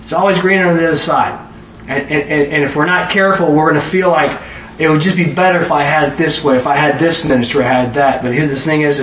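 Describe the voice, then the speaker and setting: A man's voice: a little high, fairly bright tone. A man teaching a conversational Bible study sermon, often asking the audience questions, recorded in an echoey room from a distant mic with faint background noise. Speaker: preacher.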